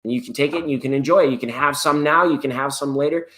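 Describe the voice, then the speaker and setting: A man's voice: medium pitch, fast talker, a bit bright. A middle-aged man hosting a live tarot stream, talking in a loose, playful, rambling way with jokes along the way. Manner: loose and playful, drifts into jokes and snatches of song.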